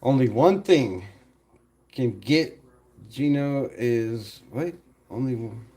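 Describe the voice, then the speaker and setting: A man hosts a casual live stream, talking to his chat in an animated way and laughing often. His voice sits in the mid range and he speaks slowly.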